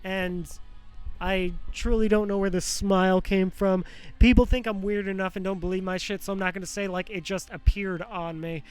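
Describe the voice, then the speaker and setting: High-voiced man rambling, raw and profane. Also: fairly even intonation, normal speed, clean tone, soft background music. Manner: rambling, profane, frequent fillers and restarts; emotionally raw, close to tears. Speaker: show host. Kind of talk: rambling personal monologue.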